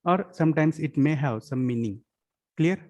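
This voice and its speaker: A man's voice: fairly high pitch, lively intonation, moderate pace, mellow. A man, lecturing a class of students and often asking them whether they follow. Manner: keeps checking understanding with "yes or no?" questions; switches into Marathi and Hindi to explain. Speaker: college lecturer.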